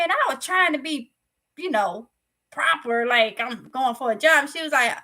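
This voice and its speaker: A woman's voice: high voice, moderate pace. A woman from Mississippi with a Southern accent, casually telling her viewers a story in a candid, chatty vlog. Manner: chatty, candid, lively retelling. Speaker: vlogger.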